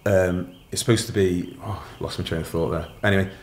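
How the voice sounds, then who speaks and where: A man's voice: sits low, fairly even intonation, brisk, roomy sound. A middle-aged man, a podcast guest candidly telling his story in a matter-of-fact, casual way.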